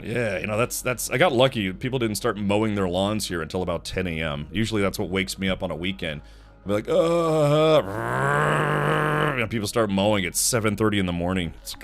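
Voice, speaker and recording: A man hosting a live stream in casual chat, tired, rambling through stories and making mouth sound effects. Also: lowish voice.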